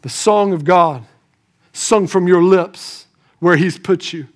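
Preaching slowly to his congregation, this pastor has a remarkably high-pitched voice. He alternates soft, thoughtful remarks with loud, forceful statements, often tossing rhetorical questions out to his listeners.

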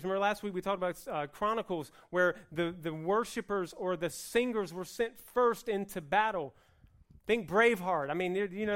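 A man preaching a sermon on Hebrew words for worship, mixing joking asides with loud, emphatic passages. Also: high voice. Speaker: pastor.

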